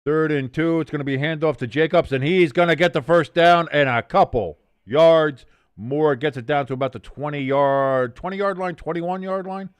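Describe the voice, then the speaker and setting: A man hosting a live watch-along stream, calling plays casually, reading out chat and cracking jokes with loud excited bursts and swearing. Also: on the high side, moderate pace, smooth, dry recording. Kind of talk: casual play-by-play commentary.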